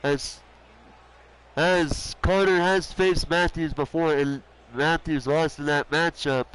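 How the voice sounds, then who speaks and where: A young man calling wrestling play-by-play, animated and cursing freely, shouting at the big moments. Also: a little high, slow pace, clean tone, rough recording. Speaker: commentator. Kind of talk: excited wrestling play-by-play commentary.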